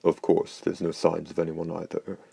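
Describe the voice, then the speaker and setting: A man doing a cool, terse vampire hunter in an audiobook, his lines clipped and unhurried. The voice sits extremely low and flat, close and dry. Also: gravelly, breathy edge, dry recording, heavily acted. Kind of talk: audiobook character voice.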